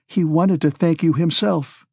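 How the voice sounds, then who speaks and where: A man's voice: a little high, fairly even intonation, a little slow, vocal fry, no echo, studio quality, voice pushed up. A man voicing an imploring aristocratic mother. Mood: sorrowful. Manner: imploring, gently insistent. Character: anxious, pleading middle-aged noblewoman.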